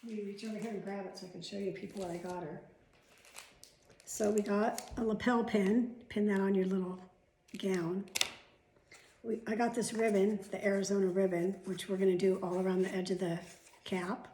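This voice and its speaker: A middle-aged woman talks to her camera at home in a loose, rambling way, drifting from one aside to the next and swearing now and then. Her voice sits at an ordinary, middling pitch. The room around her sounds echoey. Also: flat delivery, normal speed, mellow, slight background noise. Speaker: vlogger. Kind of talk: casual chat to camera.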